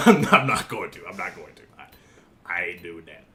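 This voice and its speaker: Goofy young male streamer with a lively voice. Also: low-pitched, normal speed. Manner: goofy, joking, easily amused, talks to chat. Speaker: gaming streamer. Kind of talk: casual livestream chat while designing a paint scheme.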